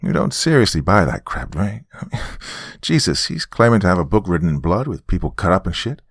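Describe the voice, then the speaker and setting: A man's voice: sits low, very animated, normal speed, gravelly, husky, no echo, clean studio sound, full character voice. A man voicing a dismissive middle-aged father who scoffs and stammers defensively. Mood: scoffing.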